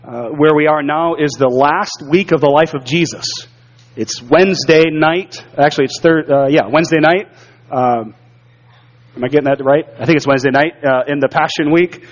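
High-voiced pastor telling his testimony. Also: normal speed, in a large hall. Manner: earnest storytelling, repeats words when stirred. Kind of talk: sermon with personal testimony. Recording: dull lo-fi sound.

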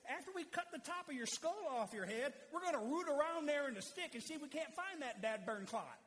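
A man's voice: very high voice, expressive, brisk, a bit bright, pitched above the performer's own voice. A man voicing a folksy Southern male brain surgeon with a drawling Southern accent. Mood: casual. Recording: long hall reverb.

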